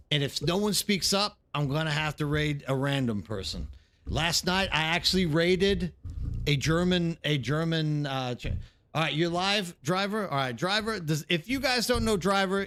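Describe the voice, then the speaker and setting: A man's voice: a little high, a bit bright. Chatty man streaming to his chat. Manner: rambling, talks straight to the chat. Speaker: game streamer. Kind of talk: casual live-stream chat.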